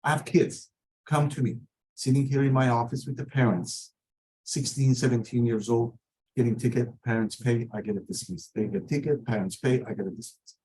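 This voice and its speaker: A man's voice: mid-range voice, normal speed, dark tone, breathy edge, poor audio. A middle-aged man who is a lawyer gives an earnest warning talk to teenagers in non-native English phrasing.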